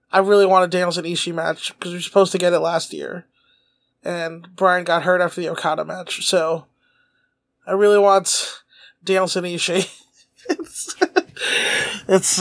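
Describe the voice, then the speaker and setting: A man with a high, light voice co-hosts a casual podcast chat. He rambles with lots of fillers and restarts and laughs often as he talks. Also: a bit bright. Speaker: podcast co-host.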